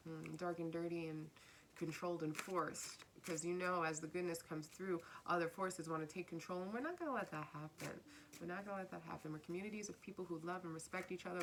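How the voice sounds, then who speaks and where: A woman's voice: fairly low pitch, gravelly, background noise. A woman giving a casual spiritual tarot reading, earnest and repeating her phrases, sometimes dropping to a whisper. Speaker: tarot reader.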